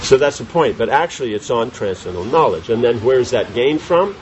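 A man's voice: medium pitch, lively intonation, a little fast, few pauses, highs cut off, slight background noise. A man giving a scripture class, reading commentary aloud and explaining it with questions to his listeners. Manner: reads commentary then explains with rhetorical questions to the audience. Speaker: spiritual teacher.

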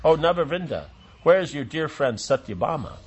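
A man's voice: fairly high pitch, big pitch swings, moderate pace, slightly rough, pitched above the performer's own voice. A man reading the lines of a wise, commanding elderly woman in a storybook play, emphatic and scolding. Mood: stern.

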